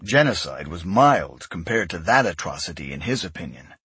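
Guy reading a space war audiobook, lowish voice, measured and even. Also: breathy edge, no echo. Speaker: audiobook narrator. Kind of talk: scripted narration.

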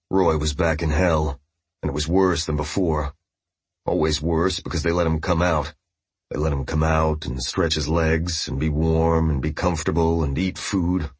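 A man narrating an audiobook with steady, grave storytelling. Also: low voice, husky, no echo. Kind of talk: scripted narration.

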